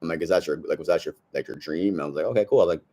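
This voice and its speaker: Racing along in a low, mellow voice, a young self-improvement vlogger tells a story straight to camera. His delivery is brash and slangy, peppered with "bro," and his advice is blunt.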